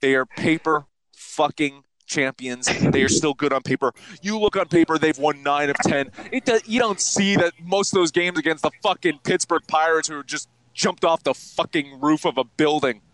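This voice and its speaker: A man's voice: a little high, normal speed, no echo, poor audio. A man co-hosting a sports betting podcast, ranting with heavy swearing in casual chat. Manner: profane, ranting, animated. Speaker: podcast co-host.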